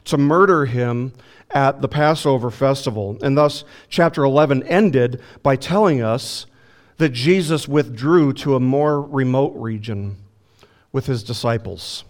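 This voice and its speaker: A man preaching an expository sermon as a pastor, emphatic, slowing down to stress key words and asking the congregation rhetorical questions. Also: mid-range voice. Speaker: pastor teaching a Bible lesson.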